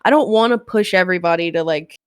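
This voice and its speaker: A woman's voice: fairly low pitch, fast, smooth, no echo, studio quality. A woman streamer chatting candidly as an interview guest, rambling a little and laughing often. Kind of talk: casual interview chat.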